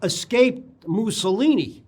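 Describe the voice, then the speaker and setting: An older man, a guest on a local TV interview, telling anecdotes in a rambling way and often clearing his throat. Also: sits high, lively intonation, slow, darkish tone. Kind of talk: casual interview storytelling. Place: local TV studio.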